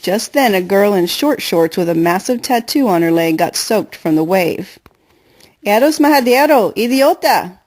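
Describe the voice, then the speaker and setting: A woman reading a first-person novel aloud in an earnest, steady storytelling voice. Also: lowish voice, normal speed, hardly any pauses. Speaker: audiobook reader.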